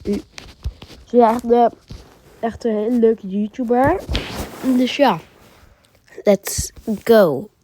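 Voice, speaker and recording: A woman's voice: a little high, slow, long pauses, dark tone, a little hiss or hum. A woman with a Dutch accent, hosting a reaction video with short exclaimed comments. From Netherlands.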